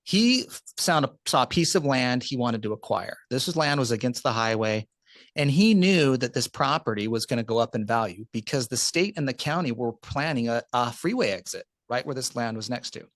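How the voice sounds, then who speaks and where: A man guesting on a podcast, telling a client story in a lively, animated way with rising emphasis. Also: medium pitch, brisk, dry recording, clean studio sound. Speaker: podcast guest, retirement account specialist. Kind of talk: conversational storytelling.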